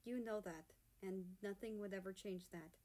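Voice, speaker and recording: A woman reading a storybook voices a calm, loving middle-aged father who speaks softly and steadily. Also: mid-range voice, normal speed, close to an everyday voice. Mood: tender. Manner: soft, gentle, steady.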